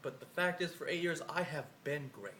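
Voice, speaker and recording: A man delivers a taunting, profane wrestling promo, his boastful voice riding high and swinging widely in pitch. His voice sounds a bit worn. It is recorded in an echoey room with a faint hum of ambience behind him. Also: animated, normal speed, pushed and bright. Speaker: e-federation wrestler cutting a promo. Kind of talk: trash-talking wrestling promo.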